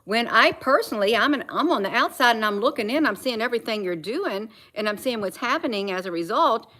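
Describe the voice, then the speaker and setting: A woman's voice: fairly high pitch, animated, fairly quick, pushed and bright. A woman talking casually at home in an opinion vlog, emphatic and repeating phrases to drive her point home. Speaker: vlogger. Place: at home, indoors.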